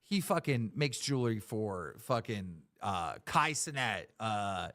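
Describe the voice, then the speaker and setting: A man's voice: lowish voice, lively intonation, slow pace, a bit bright. A man hosting a live stream, ranting in an exasperated, complaining way with plenty of swearing. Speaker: show host.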